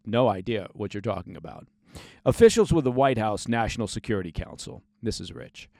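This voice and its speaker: A man's voice: mid-range voice, a little mellow, no room sound. A man hosts a daily news briefing podcast, moving from straight reading into sardonic commentary. His voice sits in an ordinary middle range. The recording is dry and close, with no room sound. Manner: sardonic asides.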